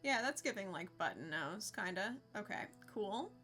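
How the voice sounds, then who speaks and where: A woman's voice: medium pitch, expressive, normal speed, bright, forceful tone, soft background music. A young woman streaming a game, chatting casually with her viewers and laughing often. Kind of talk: casual live-stream chat.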